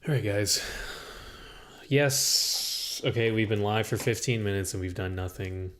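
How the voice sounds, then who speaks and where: A man's voice: fairly low pitch, a little slow, fairly bright tone. A young man streaming live, chatting casually and rambling to himself as he tweaks his mic settings. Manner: rambling, talks to himself while adjusting audio settings. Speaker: livestreamer. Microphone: studio mic with compressor.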